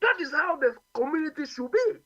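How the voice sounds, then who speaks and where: Ghanaian man, high lively voice, emphatic radio talker, dry muffled line. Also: a little fast, no room sound. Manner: emphatic, repeats "you understand?". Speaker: radio guest. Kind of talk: opinionated radio talk.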